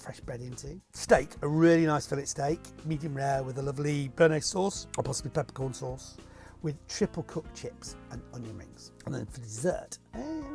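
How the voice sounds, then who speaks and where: A man's voice: medium pitch, gravelly, darkish tone, breathy edge, no echo. A man hosting a casual question-and-answer chat to camera, rambling and laughing as he reads out and answers viewer questions.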